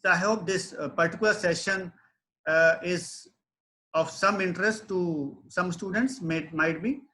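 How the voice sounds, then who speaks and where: High, bright-voiced man giving a lecture. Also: measured pace, a little hiss or hum. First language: not English. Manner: explanatory, frequent tag questions. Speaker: webinar lecturer. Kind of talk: online technical lecture.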